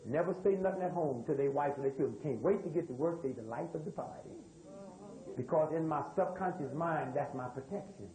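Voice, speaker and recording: A man from the United States lectures live to a roomful of people, telling stories in a drawling, grammatically loose style and drawing responses by questioning them again and again. His voice is on the high side and warm. It's a low-quality recording.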